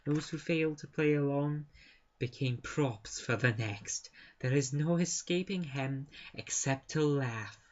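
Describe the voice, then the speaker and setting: Man voicing a Scottish schoolteacher woman narrating an eerie legend; slow, ominous, mid-pitched, lo-fi sound. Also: natural voice. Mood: eerie storytelling. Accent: put-on Scottish. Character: Scottish woman schoolteacher telling a creepy tale.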